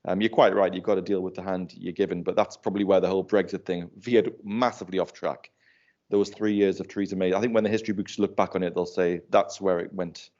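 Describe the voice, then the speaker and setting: A man's voice: deep voice, steady tone, fast talker, a little mellow. A man chatting casually on a finance podcast panel, telling anecdotes and laughing often. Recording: slightly muffled audio.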